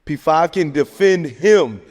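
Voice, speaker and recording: A man talking sports casually on a podcast, animated and joking, tossing in "man" and "hey, look" constantly. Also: fairly high pitch, slow. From American South. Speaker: podcast host. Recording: long hall reverb.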